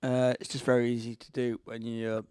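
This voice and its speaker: A man with a Gloucestershire accent talks through music tracks in a loose, rambling way, teasing himself as he goes. His voice is smooth and resonant, and it sits close and dry with no room sound. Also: mid-range voice, monotone, normal speed, mellow, no echo. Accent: Gloucestershire English. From Gloucestershire, England. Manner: rambling, self-mocking asides. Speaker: host reviewing music tracks. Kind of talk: casual music review chat.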